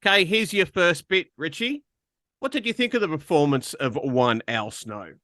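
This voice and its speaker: A man's voice: on the high side, expressive, normal speed, pushed and bright, no room sound. A man co-hosting a casual film review podcast, giving dry plot recaps with wry jokes. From Australia. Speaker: podcast co-host.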